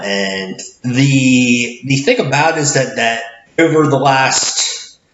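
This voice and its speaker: A man who works as a cashier, talking in a casual vlog with a loud, projecting voice, rambling with many restarts and acting out the greetings he gives customers. He sits back from the camera in an indoor room. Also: mid-range voice. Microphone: camera mic at some distance. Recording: echoey room, dull lo-fi sound, faint noise.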